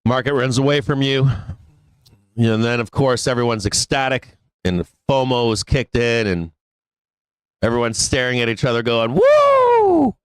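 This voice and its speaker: A man running a live stock trading show keeps the talk casual, meandering and full of swearing, with frequent laughter breaking through. His mid-range voice moves at a normal pace and sounds clean, with no room sound at all.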